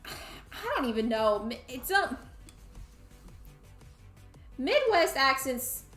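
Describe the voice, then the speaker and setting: A woman's voice: high-pitched, big pitch swings, slow, a bit bright. A young woman from Tennessee with a Southern accent, chatting casually while streaming a game and talking to her viewers and the game's characters. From Tennessee, USA. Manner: chatty, talks to the game and chat. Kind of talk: casual gameplay chat. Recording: roomy echo, faint music.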